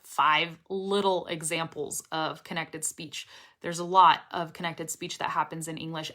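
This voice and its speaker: A woman's voice: lowish voice, bright, forceful tone. A young woman teaching English pronunciation, chatting upbeat on a live stream while reading viewer comments aloud.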